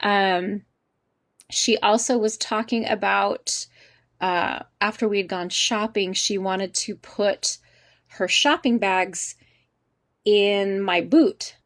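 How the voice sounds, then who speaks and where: A woman teaching a college English class over a video call, chatty and quick to laugh, often asking the class questions. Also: mid-range voice, a bit bright. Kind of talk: online class lecture.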